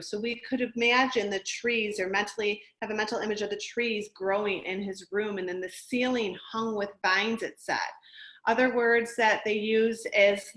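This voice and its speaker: A middle-aged woman teacher gently explaining a reading lesson to young children in a recorded remote class. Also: mid-range voice. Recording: echoey room.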